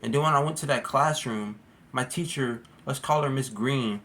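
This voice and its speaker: A man's voice: mid-range voice, moderate pace, fairly bright tone. Rambling young man telling stories. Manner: rambling, slangy, peppered with "bro" and "like". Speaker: vlogger. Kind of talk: casual storytime monologue.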